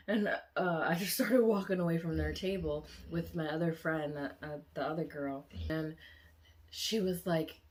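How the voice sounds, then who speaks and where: A woman vlogger telling a story casually and animatedly, with many fillers, rising loud and high when excited. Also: a little fast.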